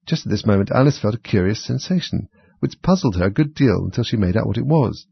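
Very husky, low-voiced male narrator. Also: dry recording. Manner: steady, measured reading. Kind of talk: storybook reading. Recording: dry, slightly dull recording.

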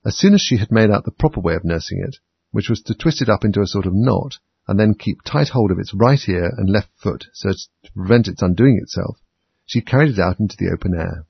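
A man reading a storybook aloud as narrator in a steady, measured way. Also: fairly low pitch, gravelly, breathy edge, no echo, muffled recording. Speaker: audiobook narrator.

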